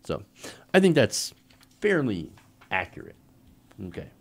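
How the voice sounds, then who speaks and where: A man's voice: lowish voice, wildly swooping pitch, a little slow, creaky. A man hosting a live political commentary show, speaking sarcastically and emphatically with frequent laughs. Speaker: host.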